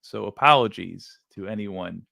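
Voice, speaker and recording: A man's voice: fairly low pitch, moderate pace, gravelly, sharp tone, no room sound, studio quality. Mocking man commenting on a clip. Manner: mocking, jokey, irreverent. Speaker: streamer commenting on clips. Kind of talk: sarcastic live-stream commentary.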